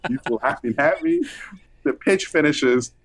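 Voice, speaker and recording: A man recounting an anecdote as an interview guest, lively and animated, acting out the people he quotes. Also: a little high, measured pace. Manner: animated, acts out quoted voices. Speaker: film director guest. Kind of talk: anecdotal storytelling.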